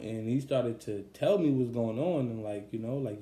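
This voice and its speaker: A young man tells a personal story in a loose, conversational podcast monologue. His voice is mellow and relaxed and sits at a middle pitch. The room around him is echoey. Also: brisk. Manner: conversational, many fillers, animated when upset. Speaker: podcast host and songwriter.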